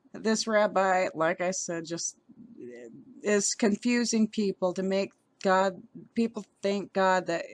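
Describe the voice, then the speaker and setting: A woman's voice: medium pitch, dry recording. A woman vlogger giving heated commentary as she reads an article aloud, often stumbling over her words.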